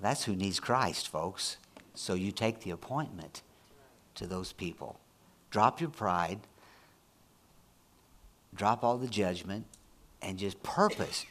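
A man preaching a sermon, moving between quiet, low passages and loud, high-pitched, excited prayer. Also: slow pace, pauses often. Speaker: pastor.

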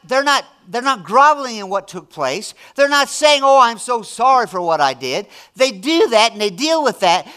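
Middle aged pastor guy preaching, high bright voice, gets loud then goes real soft. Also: smooth. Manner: emphatic preaching, swinging from loud to hushed and intimate. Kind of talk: sermon.

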